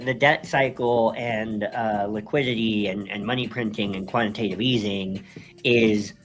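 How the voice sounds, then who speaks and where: A man's voice: on the low side, fairly bright tone. A man co-hosting a live stream in casual chat, rambling with many restarts and frequent laughs. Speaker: co-host.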